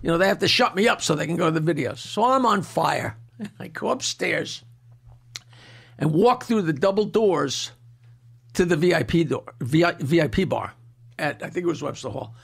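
An older man from Long Island tells a wild story in a boisterous, rolling way and keeps breaking into laughter at his own jokes. His voice sits high for a man and has a gravelly edge. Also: expressive, moderate pace, a bit bright. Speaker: comedian guest telling a story. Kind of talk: casual storytelling.

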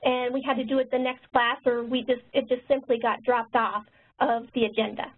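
A woman nurse educator and author who talks quickly, presenting a webinar. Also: a little high, flat delivery, slightly rough. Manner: fast-talking. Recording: tinny phone-line webinar audio.

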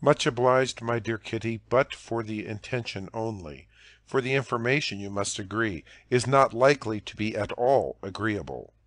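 A cocky, smitten young swordsman, gallant and sure of himself, in a deep low voice, as a male reader plays him from a classic storybook, recorded dry and close. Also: animated, normal speed, a bit bright, dry recording.

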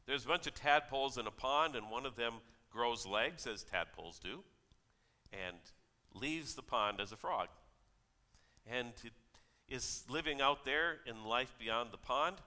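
In a church, a man with a mid-range voice delivers a sermon as pastor, sounding pushed and bright. His style is chatty and story-driven, full of quoted voices, with church hall reverb on the recording.

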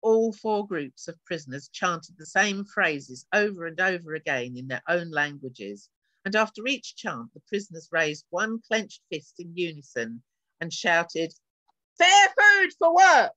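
Reading an extract of her own science fiction aloud, an author uses a mid-range voice with lively intonation and a measured pace, shading her delivery a little per character. The bright, forward sound is captured close and dry, without room echo.

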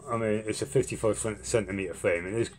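A man's voice: lowish voice, quick pace. A young man telling a rambling, swear-filled story in a casual vlog. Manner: swears a lot, rambling and animated when retelling.

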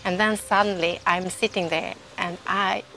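A woman telling her personal faith story in an emotional, halting way, often restarting her sentences. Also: on the low side, fairly even intonation, music in the background. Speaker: testimony speaker.

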